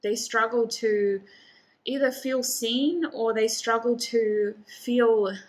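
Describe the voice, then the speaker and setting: A woman's voice: a little high, fairly even intonation, slow pace. A woman giving a casual tarot reading to the camera, chatty and thinking aloud as she lays out cards, with frequent laughs. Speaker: tarot reader.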